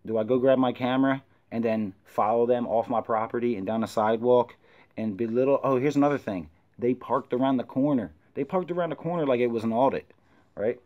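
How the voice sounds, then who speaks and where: A man casually telling a story to camera, with loose, filler-heavy slang, who gets louder and higher when he quotes himself. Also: dull audio. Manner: animated, rises when quoting himself. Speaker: vlogger recounting an encounter.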